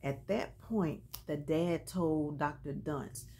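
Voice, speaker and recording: A chatty woman tells a TV episode's story in a lively, casual way, dropping in colloquial asides. Her voice sits a little low. A faint background noise hangs under it. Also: slow pace. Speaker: TV episode recapper.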